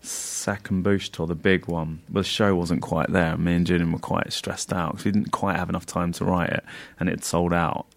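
A man, a comedian guest, telling lively anecdotes in casual chat, laughing often and mimicking other people's voices. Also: low-pitched, moderate pace, gravelly.

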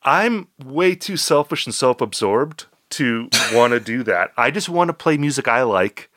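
Bright dry-voiced man co-hosting a podcast. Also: mid-range voice, expressive, unhurried, dry recording. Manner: wry, self-deprecating humor. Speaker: podcast co-host. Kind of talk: casual podcast chat.

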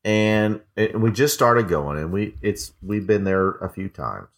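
A man co-hosting a casual podcast tells a rambling story full of restarts, acting out both sides of the dialogue himself. His voice is fairly low, with lively intonation and an unhurried pace.

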